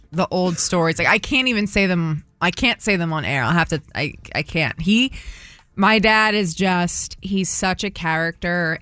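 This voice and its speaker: A woman's voice: lowish voice, fairly bright tone, clear, resonant tone, no echo. Chatty woman radio host, dry mic. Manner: chatty, laughing storyteller. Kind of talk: casual radio chat with callers.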